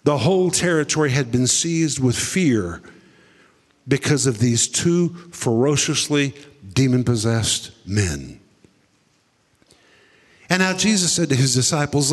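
A man's voice: expressive, unhurried, pauses often. Dramatic male preacher in a reverberant hall. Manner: dramatic storytelling with sudden drops to low deep quotes. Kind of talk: sermon.

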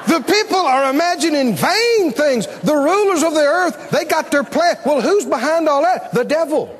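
Animated high-voiced preacher man in a hall. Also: moderate pace. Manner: animated, questions the congregation, laughs often. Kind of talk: sermon.

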